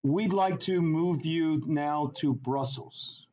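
A man's voice: a little high, slow, dark tone. English boss as a man puts him on, hearty, praising, poor English accent, lo-fi. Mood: cheerful. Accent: English, attempted badly.

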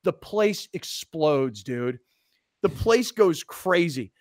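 An excitable male sports radio host spins a story with lots of energy. His voice sits fairly high, and the sound is dry and close. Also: slow, no echo. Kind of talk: casual sports talk storytelling.

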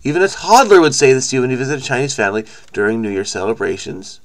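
A man's voice: medium pitch, big pitch swings, very fast. A man hosting a crossword video, thinking aloud in a frenetic, rambling way, with frequent restarts and stammers. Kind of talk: casual think-aloud commentary.

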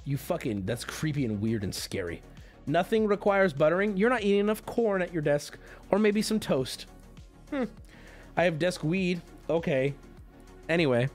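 A man livestreaming and talking casually to his chat, rambling, joking and swearing freely. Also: fairly high pitch. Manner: rambling, profane, jokey.

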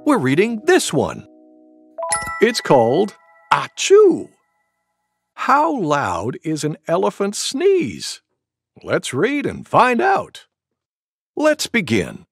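A performer playing a friendly male goose who slowly reads a picture book aloud to toddlers in a sing-song, very expressive voice. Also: medium pitch, faint music behind, heavily acted. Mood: cheerful. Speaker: storybook reader. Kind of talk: children's read-aloud.

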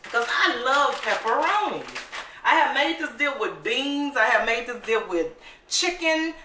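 A woman hosting a casual cooking vlog, upbeat and chatty, often calling her viewers "baby" and saying she is excited. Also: high-pitched. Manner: excited, admits talking fast. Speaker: cooking channel host. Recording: roomy echo, mic at a distance, faint noise.

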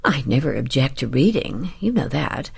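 Quiet tired husband-writer, steady and evasive, low husky tone, read by a woman narrator. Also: moderate pace, exaggerated voice. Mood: weary.

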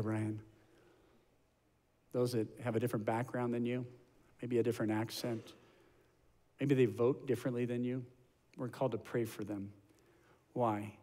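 Pastor, middle-aged man, fairly high voice, chatty stop-start sermon delivery, long church reverb. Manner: conversational, self-deprecating, repeats words when starting sentences. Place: large church auditorium.

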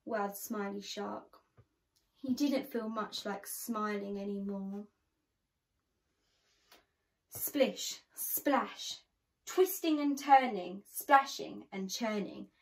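A woman reading a picture book aloud to children, slow and expressive with a sing-song lilt. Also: medium pitch, gravelly. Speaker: children's storyteller.

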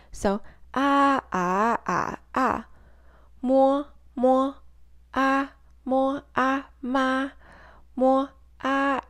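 A woman vlogger explaining a study method in a casual tutorial, rambling with lots of fillers and repeating words for emphasis, sometimes sounding out syllables slowly. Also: mid-range voice, darkish tone. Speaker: language-learning vlogger.

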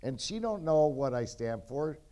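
A rowdy man shares his testimony on a convention stage, cracking jokes and cutting in with blunt asides. His voice sits in a middle pitch and has a warm, mellow color, and he speaks into a stage microphone. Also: sing-song, measured pace. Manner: jokey, keeps interrupting, blunt and rowdy. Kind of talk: rambling storytelling testimony. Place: convention stage before an audience.

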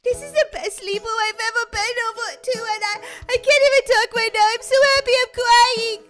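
A woman voicing a bubbly, excitable young girl who cries when she's happy, in a game role-play video. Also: extremely high pitch, fairly quick, pitched above the performer's own voice. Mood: overjoyed. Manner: gushing, over-the-top enthusiastic. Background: children's background music.

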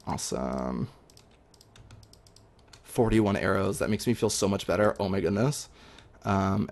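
A young man talking through his game as he plays, chatty and excitable, with lots of ums. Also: fairly low pitch, creaky. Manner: excitable, chatty, many fillers. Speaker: gaming video host. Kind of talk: live gameplay commentary.

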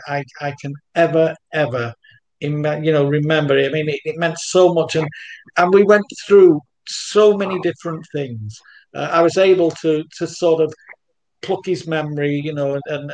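A man with a somewhat high voice speaks as a guest historian. He recalls a personal meeting, and he hesitates and repeats words along the way. His talk is unscripted. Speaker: football author and historian. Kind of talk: guest reminiscence.

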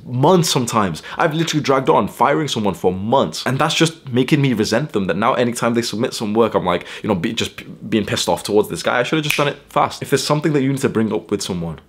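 A young man, explaining ideas in a casual, blunt monologue with casual swearing. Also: lowish voice. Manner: blunt, swears casually, often slips into mocking impressions. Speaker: self-improvement YouTuber.

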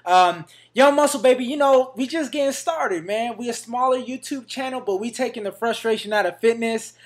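Hyped slangy man, high voice. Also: normal speed. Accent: Northern California. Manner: hyped, slangy, peppers lines with "man" and "baby". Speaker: fitness vlogger. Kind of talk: casual vlog to camera.

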